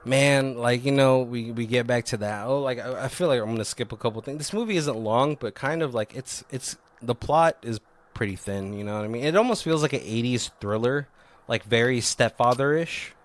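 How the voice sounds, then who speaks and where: A man's voice: medium pitch, fairly quick. A man on a podcast casually recapping a film's plot, rambling with lots of "like" and frequent swearing. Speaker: podcast co-host. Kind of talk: casual movie recap chat.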